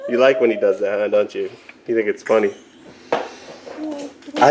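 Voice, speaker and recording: A man filming his young sons at home on a handheld camera, chatting in playful sing-song baby talk and turning hushed and tender at bedtime. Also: fairly high pitch, huge pitch swings, a little slow, pauses often. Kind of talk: casual family vlog. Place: family home, party then bedroom. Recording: noisy home video.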